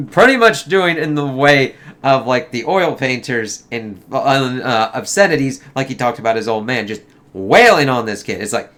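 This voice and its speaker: A man's voice: mid-range voice, lively intonation, normal speed, fairly bright tone. A man giving a casual, rambling movie review, swearing freely and acting out quotes in a raised voice.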